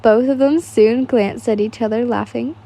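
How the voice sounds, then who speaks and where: A woman's voice: on the high side, steady tone, normal speed, gravelly, warm tone. A young woman casually reading fan fiction aloud, stumbling over words and laughing at the text.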